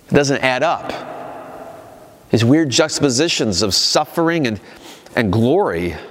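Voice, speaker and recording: A man's voice: a little high, fairly bright tone. Conversational male pastor in a reverberant hall. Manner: conversational, rising and dropping for emphasis. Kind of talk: sermon.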